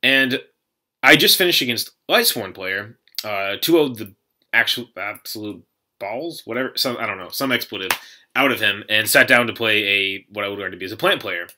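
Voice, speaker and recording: A young man casually telling a rambling story to camera, animated, with lots of fillers and restarts. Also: fairly low pitch, moderate pace. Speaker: card game player recounting a tournament.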